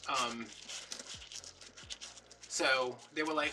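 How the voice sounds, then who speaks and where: A young man who hosts a craft video and tells a rambling story in casual chat, putting on higher voices for the people he quotes. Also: fairly even intonation, moderate pace, long pauses, sharp tone, recorded from a distance, slight background noise.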